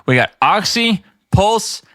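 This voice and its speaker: A man guest on a casual podcast, talking in a laid-back way, swearing freely and repeating himself as he shouts out his music scene. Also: high voice, animated, slow pace, no room sound, studio quality.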